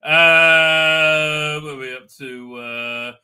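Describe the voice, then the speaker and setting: A middle-aged man hosts a loose, unscripted live show and reads viewer comments aloud. His voice sits a little high with a very bright, cutting edge. He rambles from one tangent to the next and often breaks into laughter. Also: lively intonation. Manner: rambling, chatty, quick to laugh. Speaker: livestream host. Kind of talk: casual live chat, reading viewer comments.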